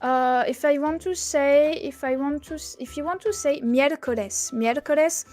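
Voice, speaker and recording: A woman's voice: high voice, moderate pace, darkish tone, faint music behind. A woman, a guest chatting casually on a stream, playful and giggly as she searches for her words. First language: French. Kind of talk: casual chat.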